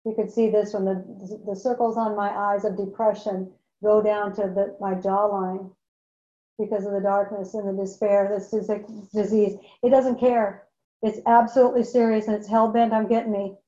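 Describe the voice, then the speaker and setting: A woman's voice: mid-range voice, flat delivery, moderate pace, dark tone. A woman giving an emotional, candid personal testimony about her recovery, often repeating phrases for emphasis. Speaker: speaker sharing her recovery story. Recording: echoey, dull lo-fi room recording.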